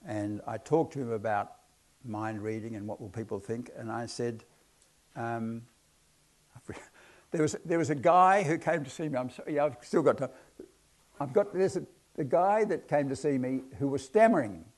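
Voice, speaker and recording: A man's voice: mid-range voice, moderate pace, a little mellow. A man giving a hypnotherapy talk to an audience, telling chatty, self-deprecating stories about his cases. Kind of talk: anecdotal lecture to an audience.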